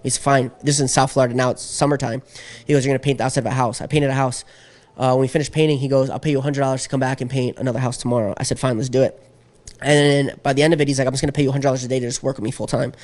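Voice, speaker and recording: A man's voice: medium pitch, steady tone, very fast, darkish tone. A man guest in an interview, telling a long story in a casual, streetwise way with lots of fillers.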